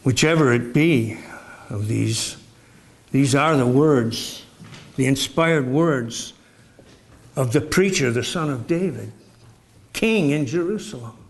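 A man preaching a sermon in a slow, measured, reflective way, posing rhetorical questions. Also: medium pitch, animated.

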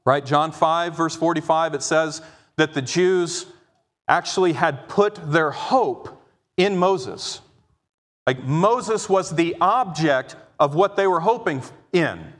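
A man with a high voice preaches with emphatic energy, often acting out the words of people he quotes. He keeps checking in with his listeners as he teaches. His voice carries a long reverb, as in a large hall. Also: slow pace. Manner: emphatic, dramatizes quoted speech, frequent "right?". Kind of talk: expository sermon.

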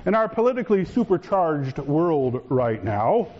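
A man preaching a sermon as pastor, swinging between raised, urgent lines and hushed, calm ones. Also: a little high, measured pace, lo-fi sound, a little hiss or hum.

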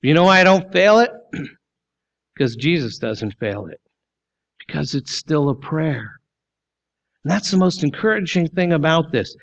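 A man preaching a sermon as pastor, emphatic and full of rhetorical questions, sometimes sinking low and quiet. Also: lively intonation, unhurried, vocal fry, pauses often, lo-fi sound.

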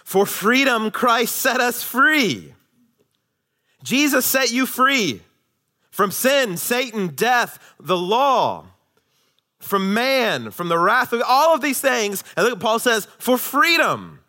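Bright-voiced male pastor preaching with emphasis. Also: very high voice, very animated, slow pace. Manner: emphatic preaching, swinging from loud declarations to quiet intensity. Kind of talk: sermon.

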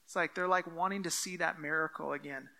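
A man preaching a casual, expository sermon, with a notably high and bright voice. He reads the scripture passages aloud and acts out the lines of the people in them. He speaks to the congregation as if in everyday conversation. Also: steady tone, brisk, gravelly. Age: adult with children. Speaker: pastor.

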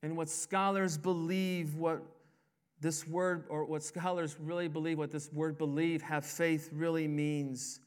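A man's voice: a little high, little pitch movement, measured pace, smooth. Emphatic man preaching a sermon. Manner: emphatic, rising and falling preaching cadence. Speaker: pastor.

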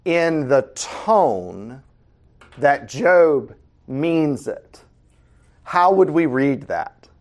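A man teaching a casual Bible study, animated and conversational, asking the class questions. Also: on the high side, very slow, pauses often.

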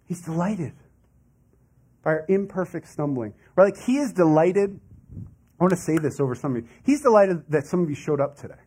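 A man's voice: fairly high pitch, expressive, fairly quick, mellow, husky. A man preaching a sermon as a pastor in a conversational way, with asides and laughs.

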